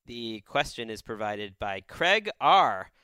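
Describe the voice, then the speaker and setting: A man's voice: mid-range voice, big pitch swings, takes it slowly, bright, forceful tone, slight background noise. A man co-hosting a podcast in casual comedic chat, laid-back as he reads listener questions. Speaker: podcast co-host.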